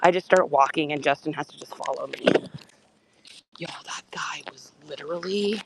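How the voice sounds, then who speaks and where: Hosting a laid-back livestream from outdoor garage sales, a woman chats away in a low-pitched voice with vocal fry, frequently dropping to a whisper. She talks at normal speed over a noisy background.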